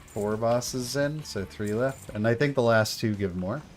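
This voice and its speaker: A man's voice: medium pitch, a little slow, faint music behind. A young man streaming a game, chatting casually in a laid-back, rambling way full of slang. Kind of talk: casual gameplay chat.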